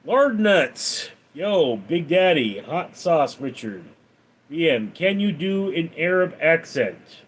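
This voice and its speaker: A man hosting a livestream, reading viewers' names and questions in a raised voice, then answering them flatly. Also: slow, husky. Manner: reads donor names and questions aloud in a lively raised voice, then answers flat and low. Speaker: livestream host reading chat. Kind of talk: casual livestream Q&A.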